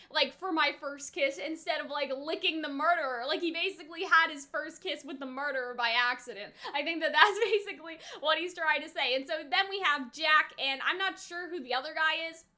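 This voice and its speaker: Very high-voiced, animated woman. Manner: animated, rambling, heavy use of "like". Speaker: anime reaction host. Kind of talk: casual anime reaction commentary.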